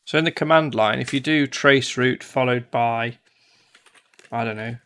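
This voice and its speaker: A man's voice: medium pitch, a little slow, a bit bright. A man from the UK teaching one-to-one in a casual, chatty way, often acting out devices in silly voices. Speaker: tutor.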